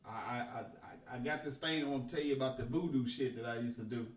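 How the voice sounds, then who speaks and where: A man spins a profane, emphatic tale, leaning hard on the punchlines. His voice sits at an ordinary pitch. He sounds a little off-mic, in an echoey room. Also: fast talker. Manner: animated, profane, emphatic retelling. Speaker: podcast storyteller. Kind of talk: casual storytelling. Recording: roomy and distant from the mic.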